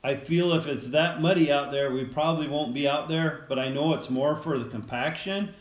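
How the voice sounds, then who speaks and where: A middle-aged man, a farmer and father, chatting in a plain-spoken, measured way on a family livestream. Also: fairly high pitch, steady tone. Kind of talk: casual livestream chat. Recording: roomy echo.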